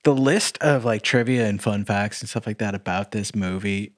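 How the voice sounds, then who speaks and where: A man's voice: lowish voice, moderate pace, no echo, clean studio sound. A young man co-hosting a podcast, chatting casually through a movie review, rambling with lots of filler words, cursing and laughing often. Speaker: podcast co-host.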